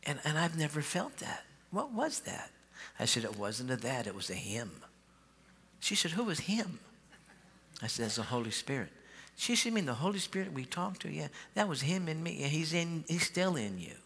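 A man pastor telling a healing story in a sermon, acting out the dialogue and calling on the crowd to shout. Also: on the high side, moderate pace, slightly rough. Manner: animated, acts out quoted dialogue, calls for shouts. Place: large church hall. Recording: live church hall with long reverb.

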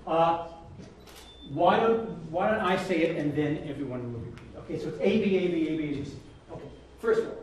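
A man with a fairly high voice leads a language class, calling out words for his students to repeat. He sounds lively and encouraging. The recording is very echoey, picked up from across the room with a faint hiss. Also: fairly quick, far from the mic. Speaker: language teacher.

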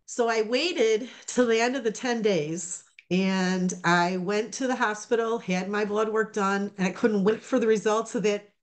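Over a video call, a woman offers a casual testimonial, halting and rambling with many restarts. Her voice sits in the mid-range.

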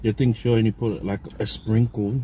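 A man's voice: fairly low pitch, little pitch movement, normal speed, dark tone, a little hiss or hum. A man, co-hosting a mukbang, who jokes and banters in slangy casual chat while he eats. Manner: joking, banters back, uses local slang. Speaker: mukbang co-host.

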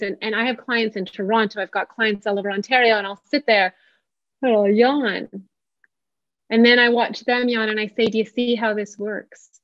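A woman's voice: medium pitch, dry recording. A woman psychotherapist giving an online parenting workshop over a video call, talking casually and acting out what parents say. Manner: warm, chatty, acts out parents' quotes. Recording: dry, slightly dull video-call audio.

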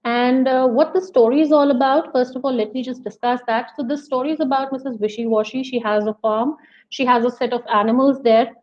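A woman leads a teacher-training webinar, talking through her points patiently with plenty of fillers and restarts. Her voice sits high. The audio is dull and lo-fi, like a video call. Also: steady tone, fairly quick, a little mellow. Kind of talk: webinar lecture.

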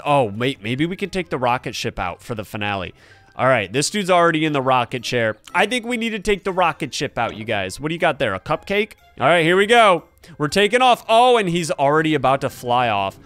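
A man hosting his gaming channel, giving excitable play-by-play commentary and yelping at every danger. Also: on the high side, dry recording. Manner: excitable, yelps and laughs at danger.

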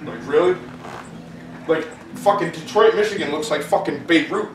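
A man's voice: on the high side, animated, normal speed. Fired-up profane man, distant echoey mic. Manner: profane, fired-up, repetitive restarts. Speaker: protest organizer being interviewed. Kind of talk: heated casual rant. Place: festival grounds. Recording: echoey, distant mic, loud ambient noise.

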